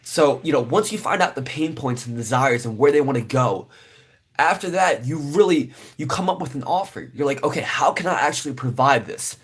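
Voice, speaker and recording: A man's voice: on the high side, lively intonation, normal speed, slightly rough. A young man giving casual, rambling business advice to camera, full of fillers and "right?" tags. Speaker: business vlogger.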